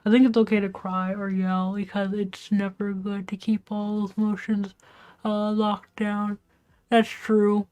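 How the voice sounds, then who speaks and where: A woman streamer venting from home late at night, keeping her voice hushed and half-whispered, swearing and rambling with restarts. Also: medium pitch, level tone, unhurried, smooth. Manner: hushed, half-whispered talk to keep quiet. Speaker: live streamer. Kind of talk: venting storytime on a livestream.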